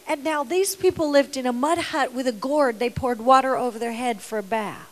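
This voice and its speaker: Woman preacher, sermon storyteller, high voice, long hall reverb, emotive with whispered asides. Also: moderate pace. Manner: emotional, drops to whispers, repeats words.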